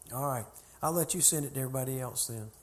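A man's voice: medium pitch, racing. A middle-aged man, a church consultant telling a folksy, chatty story to a group. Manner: folksy, chatty anecdotes with laughter.

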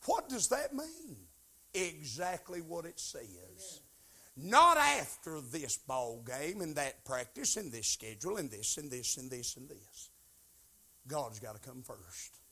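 A man preaching a sermon in church, pleading and swinging from shouted questions to hushed tones. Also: on the high side, very animated, slow pace, breathy edge. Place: church sanctuary.

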